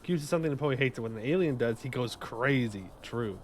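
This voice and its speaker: A man's voice: mid-range voice, a little fast, slight background noise. A young man streaming a game live, joking, rambling and bantering with his chat in a casual way. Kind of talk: casual gaming livestream commentary.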